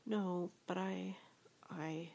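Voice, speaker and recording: A woman voicing a small, timid and anxious male piglet in a storybook, stammering in a soft, whispery way. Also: fairly low pitch, fairly even intonation, extremely slow, creaky, heavily acted.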